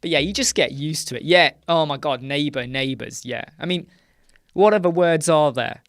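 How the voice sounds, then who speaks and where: His voice a little high and a bit bright at normal speed, a British man from the UK hosts a casual live chat stream. He rambles with filler words, often ends points with "right?", and records from a small dark sound-paneled room with no echo and clean studio sound.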